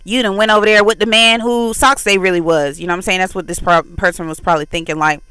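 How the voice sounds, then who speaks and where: A woman giving casual commentary on song lyrics, her voice bright and clean and set against a dry, close sound. She talks loosely with lots of fillers and slips into playful voices for the lines she quotes. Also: medium pitch, quick pace, smooth, no room sound, rough recording. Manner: animated, acts out quoted lines in exaggerated voices; loose, repetitive "like" filled delivery. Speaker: faith channel host.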